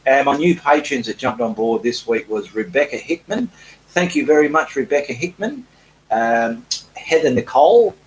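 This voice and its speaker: A man's voice: mid-range voice, lively intonation, moderate pace, a little hiss or hum, poor audio. A middle-aged Australian man with an Australian accent, an artist chatting casually on a live stream and reading out viewer comments in a self-deprecating way.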